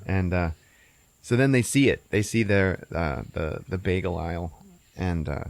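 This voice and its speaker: Low-voiced man swearing through a movie recap. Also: measured pace, no echo. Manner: profane, animated storytelling, laughing often. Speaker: podcast host.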